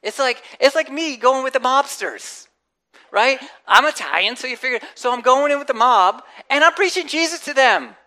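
Her voice is high and her speed normal as she preaches in a conversational style. This woman pastor brings quotes and inner voices to life with animation and sprinkles in humor.

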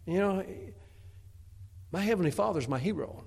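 A middle-aged male pastor delivers a sermon with a gravelly, rough-edged voice. His pitch sits a little high for a man. He speaks in a folksy, homespun way, stumbling into repeated words before pushing on. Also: lively intonation, moderate pace, pauses often. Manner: folksy, repetitive, stammering restarts.

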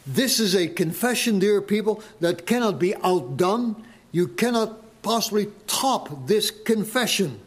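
Guy preaching a sermon real slow, kinda high voice, asks the crowd pointed questions. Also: lively intonation. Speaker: pastor.

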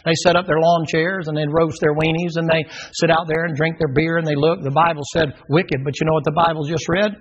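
A man's voice: a little high, little pitch movement, a little fast, hardly any pauses, slightly rough. A middle-aged man, preaching a sermon in a folksy, emphatic way and repeating phrases for force. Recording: dull lo-fi sound.

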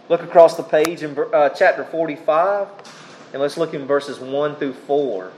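Reading scripture passages aloud, a medium-pitched male preacher delivers his sermon in short, deliberate phrases with pauses, calling his listeners beloved. The audio is poor, with a faint air-conditioning hum behind him.

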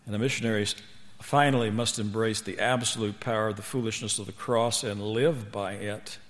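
A man's voice: fairly low pitch, steady tone, a little fast, fairly bright tone. A man preaching a sermon to students, emphatic and firing rhetorical questions at the audience. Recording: long reverb of a large hall.

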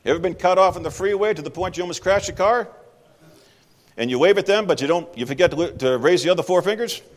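Lively-voiced preacher man in a reverberant hall. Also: sits high, quick pace. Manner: conversational, emphatic, asks the audience questions. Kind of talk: sermon. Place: church sanctuary.

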